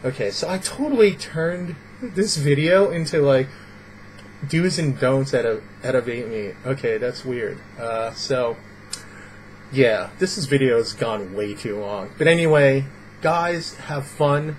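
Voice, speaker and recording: A man's voice: medium pitch, measured pace, slight background noise, low-quality recording. A man giving casual, rambling advice in a vlog, acting out little example scenes. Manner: rambling, filler-heavy, acts out little scenes. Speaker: vlogger.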